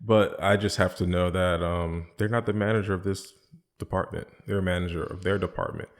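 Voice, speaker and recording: A man with a very low voice talking as a guest on a podcast. He tells his stories in an animated way and acts out the lines of the people in them. The talk is relaxed and unscripted. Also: brisk. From Caribbean island family background. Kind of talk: casual chat.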